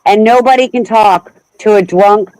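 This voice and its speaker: A man's voice: sits high, normal speed, a little mellow, clean tone, no room sound, low-quality recording. A man arguing defensively, indignant at being called racist.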